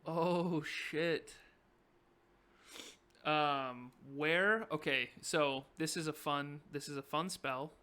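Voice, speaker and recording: Bright-voiced young man running a game. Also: a little high, extremely slow, clear, resonant tone. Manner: casual, laughing, loose and joking. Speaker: game master. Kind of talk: narrating a tabletop game.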